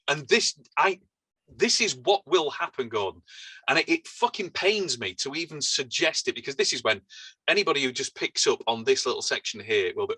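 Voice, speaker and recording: Passionate, swearing man, bright dry voice. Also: medium pitch, expressive, moderate pace, breathy edge, no echo, rough recording. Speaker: podcast guest. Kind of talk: casual political chat.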